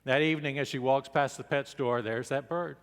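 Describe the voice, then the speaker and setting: A man's voice: medium pitch, fairly even intonation, a little fast, clean tone. A man preaching a sermon in a church, opening with a folksy joke and easy storytelling. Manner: folksy joke-telling delivery. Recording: long reverb of a church hall.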